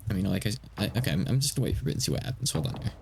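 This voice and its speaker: A man's voice: on the low side, expressive, racing, vocal fry, slight background noise. A man streaming a game he translates live, talking to himself in hesitant, stammering asides.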